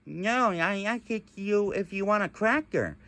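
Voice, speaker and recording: A performer voicing a timid young pet owner who mumbles hesitantly and trails off quietly. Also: mid-range voice, animated, slow, no room sound. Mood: meek.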